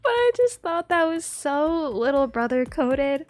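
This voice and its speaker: A young woman streamer chats casually in a high, sing-song voice, speaking a little slowly. She giggles again and again and swears freely, while faint music plays quietly in the background.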